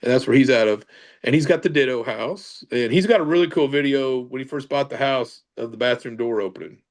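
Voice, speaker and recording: A Kentucky man, guesting on a podcast, tells paranormal stories casually and loosely, rambling with fillers and self-corrections. His voice is medium-pitched and fairly quick.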